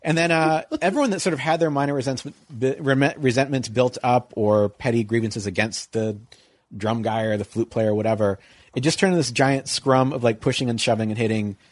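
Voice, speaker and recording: Captured in clean studio sound with no room echo, a middle-aged man talks a little fast through a long, rambling story. He leans on "like" and "you know" and mimics people in high, mocking voices.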